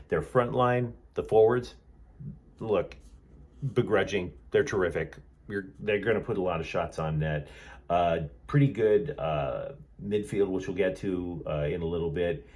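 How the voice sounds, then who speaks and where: Deep and husky, this man's voice carries a sarcastic, rambling sports commentary monologue recorded in a hotel room. As host of a sports channel, he keeps up a stream of sardonic asides.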